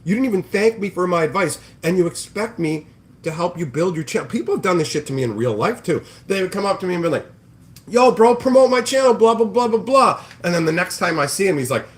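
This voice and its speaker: A man's voice: fairly high pitch, animated, quick pace. A man ranting on a casual livestream, sarcastic and profane, mocking people in put-on voices. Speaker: livestream host. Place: home kitchen, cooking bacon.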